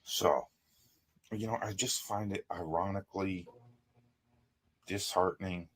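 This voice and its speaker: A man's voice: sits low, steady tone, a little slow, breathy edge. A man hosting a show, talking in a sarcastic, emphatic monologue. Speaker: host. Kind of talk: monologue commentary.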